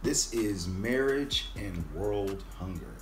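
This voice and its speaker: A man's voice: on the low side, lively intonation, slow pace, roomy sound, music in the background. A man co-hosting a reaction video, giving brief agreeable replies. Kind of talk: casual chat.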